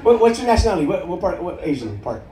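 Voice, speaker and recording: A man's voice: high-pitched, sing-song, very fast, heavy background noise. A male stand-up comedian doing profane, teasing crowd work on a cruise ship stage, laughing often at his own jokes. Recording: echoey room, loud crowd laughter. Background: audience laughter.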